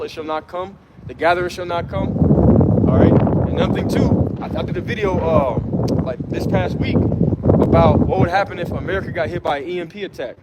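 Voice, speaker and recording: A man preaching outdoors, talking with emphatic slang and reading scripture verses slowly. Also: sits high. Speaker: street preacher. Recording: heavy wind and traffic noise.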